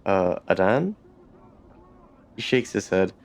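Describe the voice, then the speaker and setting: A man's voice: low-pitched, sing-song, takes it slowly, vocal fry. A man hosting a let's play, reading the game's narration aloud with casual asides. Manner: reads narration, stops to comment casually. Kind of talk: reading game text aloud.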